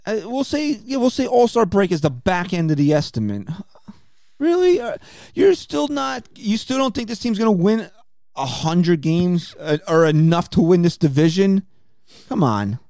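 Mellow-voiced male podcast co-host. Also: sits high, moderate pace, no room sound, studio quality. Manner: steady, questioning, reasons things out. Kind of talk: casual sports chat.

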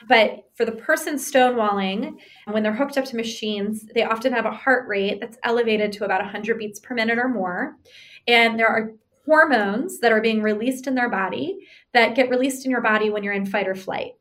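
A woman's voice: fairly high pitch, moderate pace. A woman, in the role of a relationship counselor, explaining couples advice conversationally, acting out example arguments and often checking in with "right?". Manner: animated, acts out example arguments.

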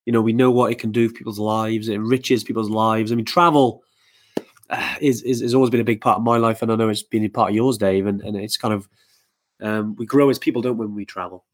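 A man's voice: lowish voice, fairly even intonation, fast. A man co-hosting a live podcast, chatting casually with lots of fillers and restarts. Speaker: podcast co-host. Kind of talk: casual live-stream chat.

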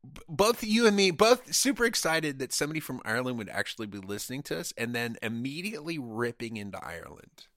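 A man's voice: mid-range voice, very animated, quick pace, a bit bright, dry recording, studio quality. A man co-hosting a comedic podcast, talking in an insistent, jokey way. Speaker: podcast co-host.

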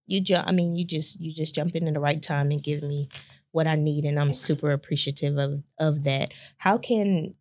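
A woman's voice: low-pitched, darkish tone, no room sound. A woman co-hosting a casual podcast, playful and asking questions. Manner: playful, laughs easily, asks questions. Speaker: podcast co-host. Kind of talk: casual chat.

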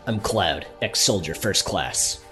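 A terse young ex-soldier who speaks in short, curt lines, as read out by a player. The pitch moves a lot, and soft music plays underneath. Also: lively intonation, slow pace, heavily acted.

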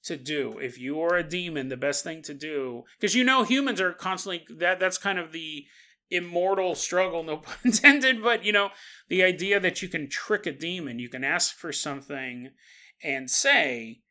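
A man hosting a solo podcast, telling a story in an animated way and laughing as he acts out quotes. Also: on the high side, normal speed. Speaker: podcast host. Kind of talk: casual solo podcast monologue.

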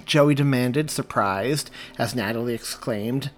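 A man's voice: mid-range voice, measured pace, hardly any pauses, soft background music. A man, the author, reading his own story aloud as audiobook narration. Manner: expressive reading.

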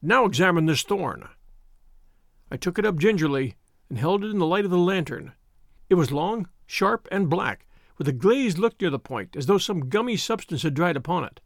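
A male narrator reads a classic story in the first person, measured and descriptive. His voice is high for a man and moves a lot, with a gravelly rasp underneath. The sound is close and dry, with no room around it. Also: lively intonation, no room sound. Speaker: audiobook narrator.

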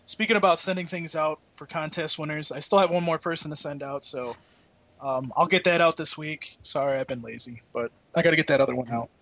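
A man's voice: fairly high pitch, brisk, pushed and bright, slight background noise. A man hosting a podcast in casual chat. He steers the show and often repeats his words. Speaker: podcast host.

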